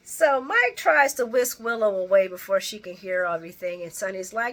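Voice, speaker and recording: A woman's voice: medium pitch, expressive, unhurried, pauses often. A woman casually recapping a soap opera episode, rambling with restarts and asides. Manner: chatty, rambling with frequent restarts and laughs.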